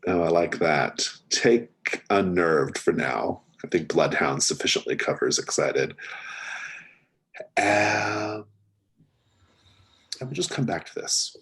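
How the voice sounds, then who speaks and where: A man narrating a tabletop mystery game as game master, relaxed and hesitant, with many fillers. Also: low-pitched, slow pace, long pauses, husky.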